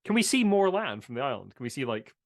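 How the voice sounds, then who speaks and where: A man's voice: very animated, fast, creaky, a loud crowd. A man playing a tabletop game in character, earnest and full of questions. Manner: earnest, questioning, rising pitch. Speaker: player. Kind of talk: tabletop role-play chat.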